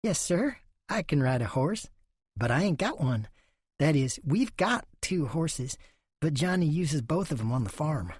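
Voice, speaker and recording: A man's voice: on the high side, animated, a little slow, a little mellow, breathy edge, no echo, clean studio sound, pitched above the performer's own voice. A man voicing a shy, polite young farm woman.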